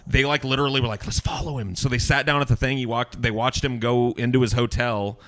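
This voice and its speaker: Bright-voiced man telling a rambling story. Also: mid-range voice, fast talker. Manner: profane, animated storyteller acting out quotes. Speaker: podcast host. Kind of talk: casual storytelling chat.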